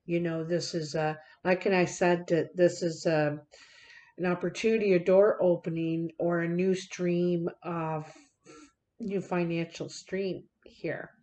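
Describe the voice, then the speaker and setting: A woman's voice: on the low side, fairly even intonation, slow pace, a little mellow. A woman giving a card reading to her viewers, talking in a folksy, direct way with many fillers. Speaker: card reader.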